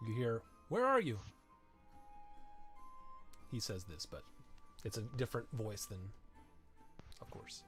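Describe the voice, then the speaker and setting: A man's voice: lowish voice, darkish tone, faint music behind. A man narrating as game master of a tabletop game, improvising descriptions with frequent restarts and fillers. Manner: improvising, halting with many restarts.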